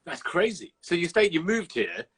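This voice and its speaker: A man's voice: high-pitched, big pitch swings, moderate pace, fairly bright tone, slightly rough. A man from Birmingham hosting a casual interview over a video call, chatty and blunt, swearing freely. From Birmingham, England. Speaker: host.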